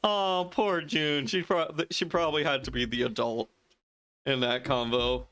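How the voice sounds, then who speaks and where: A man's voice: medium pitch, moderate pace, fairly bright tone. A man giving rambling, self-amused commentary as he streams a video game, often laughing at himself. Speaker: gaming streamer. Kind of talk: casual gameplay commentary.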